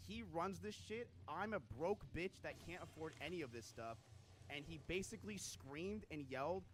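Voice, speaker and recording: A male streamer recounts a story in a loose, rambling way, swearing often and sounding incredulous. His voice sits a touch high. A faint hum of room noise runs underneath. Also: a bit bright. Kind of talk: casual storytelling while gaming.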